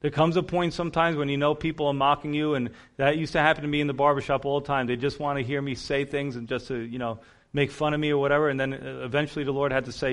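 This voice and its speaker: A man's voice: medium pitch, fairly even intonation, quick pace. A man preaching a conversational sermon, reading scripture aloud with rising emphasis between plain talk. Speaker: pastor.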